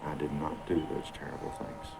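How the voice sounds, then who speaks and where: A man's voice: very deep voice, flat delivery, normal speed, gravelly, very noisy. A father in a tense personal conversation, defensively insisting on his denials.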